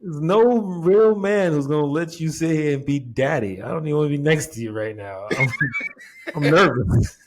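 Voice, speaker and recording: A man's voice: fairly high pitch, normal speed. A man co-hosting a podcast, teasing his partner in casual banter, laughing a lot and swearing freely. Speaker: podcast co-host. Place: indoor recording set.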